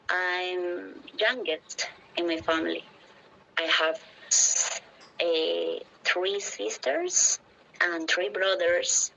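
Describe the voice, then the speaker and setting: A woman's voice: fairly low pitch, vocal fry, fairly bright tone, highs cut off. Hesitant Peruvian woman in her twenties. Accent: Peruvian Spanish. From Peru. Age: 20s. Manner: hesitant, searching for words, asks for repeats. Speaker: teacher. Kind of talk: casual English practice conversation.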